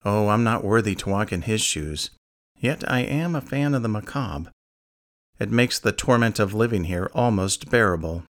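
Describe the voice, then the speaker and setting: A man's voice: lowish voice, animated, normal speed, natural voice. A man voicing a creepy grown man who admires a killer, speaking in an insinuating, mocking way. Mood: sly. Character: creepy grinning adult man, fan of murders. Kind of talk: audiobook character reading.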